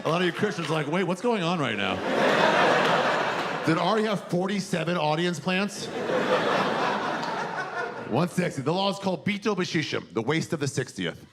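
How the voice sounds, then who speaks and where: A male stand-up comedian in his forties works a theater crowd with crude, animated stories and quick character bits. His voice has a gravelly edge. The live room is noisy, and audience laughter carries through it. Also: a little high.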